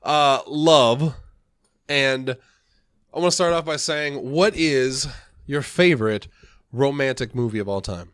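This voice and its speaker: A man's voice: mid-range voice, slow, fairly bright tone, clean tone, no echo. A man hosting a podcast, sick and nasal, chatting casually and laughing through his stories. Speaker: podcast host. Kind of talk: casual chat.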